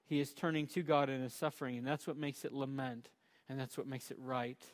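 A male pastor preaching a sermon, emphatic, moving between loud punchy lines and quiet low ones, slowing down to stress key words. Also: fairly even intonation.

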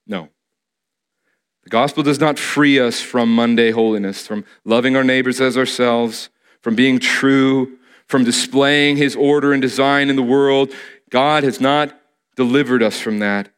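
A man's voice: medium pitch, fairly even intonation, a little slow, a bit bright, smooth. A man preaching a sermon, earnestly repeating key phrases for emphasis, with some restarts as he speaks.

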